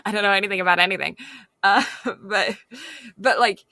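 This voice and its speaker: Bright-voiced woman chatting casually. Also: mid-range voice, fairly even intonation, a little fast, no room sound. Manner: rambling, lots of filler words. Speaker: podcast co-host. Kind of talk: casual chat.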